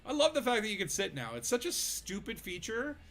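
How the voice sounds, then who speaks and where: A man hosts a relaxed gaming stream, talking in loose, meandering sentences full of "like" and "you know." He narrates what he is doing in the game as he goes. His voice sits a little on the higher side. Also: brisk, soft background music. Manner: rambling, filler-heavy, chatty; narrates own gameplay. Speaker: streamer host. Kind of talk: casual gaming stream chat.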